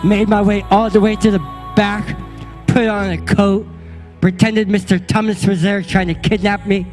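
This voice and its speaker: A young adult man, a pastor, telling a funny childhood story in an animated way and acting out the voices of the people in it. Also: sits high, normal speed, big-room sound, soft background music. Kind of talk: storytelling sermon.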